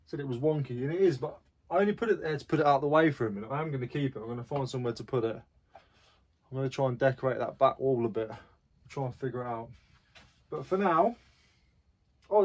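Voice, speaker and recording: A man's voice: mid-range voice, breathy edge. Chatty man vlogging. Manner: chatty, self-deprecating, talks to viewers directly. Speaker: reseller vlogger. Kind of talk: casual vlog chat.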